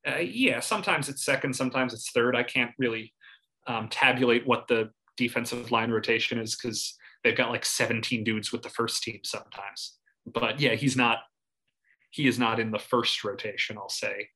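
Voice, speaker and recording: A man's voice: medium pitch, moderate pace, sharp tone, low-quality recording. A man hosting a sports podcast, talking casually and analytically about a college football season, with wry asides and laughs.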